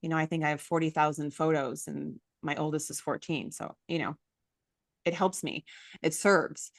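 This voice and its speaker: A woman in her forties hosting an interview, emotional and gushing, quick to cut in with her own stories. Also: sits low, fairly even intonation, vocal fry, dry recording, clean studio sound. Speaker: summit host. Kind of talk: casual interview chat.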